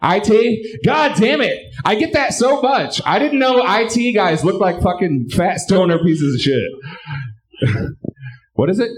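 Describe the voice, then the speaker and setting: A man doing a live stand-up set and hosting, bantering crudely with the crowd and shouting his punchlines. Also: high voice, lively intonation, slow. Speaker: stand-up comedian and show host. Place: live comedy club stage.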